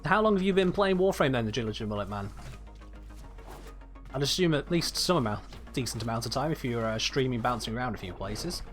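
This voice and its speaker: A young man with a Southern English accent chats easily at his desk mic, answering viewers while he plays. His voice sits at an ordinary middle pitch. Soft game music runs quietly underneath. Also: lively intonation, a little fast. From Birmingham, England. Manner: chatty, reads and answers viewer chat while playing. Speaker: gaming streamer. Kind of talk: casual live-stream chat.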